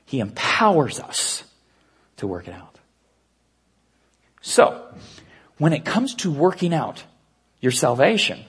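A man preaching an earnest sermon, dropping to a hush and slowing down to stress key points. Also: a little high, sing-song, husky. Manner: earnest preaching with hushed, slowed emphasis. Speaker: pastor.

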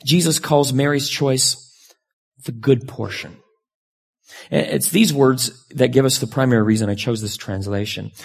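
Frank and conversational, this man preaches a sermon to a congregation in a gritty, gravel-heavy voice. The husky, somewhat rough tone breaks now and then into sudden upward pitch leaps for emphasis.

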